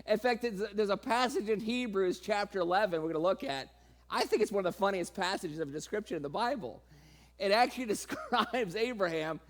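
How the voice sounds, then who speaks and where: A man preaching a sermon, laughing often and playfully acting out the people in his reading. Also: fairly quick. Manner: acts out quoted voices with sudden pitch jumps.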